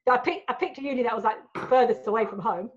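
A woman's voice: fairly high pitch, fast talker, lo-fi sound. Frank, sweary woman telling stories. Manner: frank, sweary, laughs often, fillers like right and you know. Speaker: guest. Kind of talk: candid storytelling in a podcast chat.

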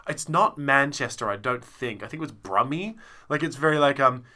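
On a podcast, a male co-host casually reviews a show he watched, rambling and cutting himself off with lots of fillers. His voice is mid-range and sharp, with lively intonation and a moderate pace.

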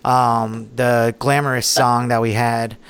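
A man's voice: mid-range voice, flat delivery, takes it slowly, a bit bright, clean tone. A man co-hosting a podcast in casual chat, laid-back and rambling as he talks. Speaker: podcast co-host.

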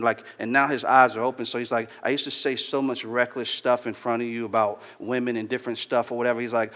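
A man's voice: mid-range voice, a bit bright. A man preaching a sermon in a casual, slangy, earnest storytelling way, addressing his church. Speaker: pastor. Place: church hall. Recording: long hall reverb.

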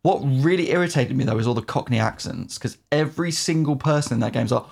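This co-host of a casual gaming podcast talks a little fast with few pauses, his slightly high, darkish voice creaky and a bit rough, with lively intonation. Wry and opinionated, he laughs often and sometimes reads out a review.

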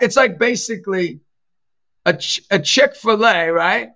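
A middle-aged man with a high, bright, ringing voice tells stories in a relaxed chat. He plays out every quoted line in an animated way. The recording sounds a little dull and lo-fi. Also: moderate pace. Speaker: Catholic evangelist and youth basketball coach. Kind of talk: casual storytelling in a podcast chat.

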